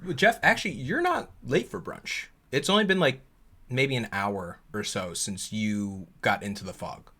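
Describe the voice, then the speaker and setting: A man voicing a calm, welcoming woman who reassures newcomers. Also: on the low side, moderate pace, breathy edge, full character voice. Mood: reassuring.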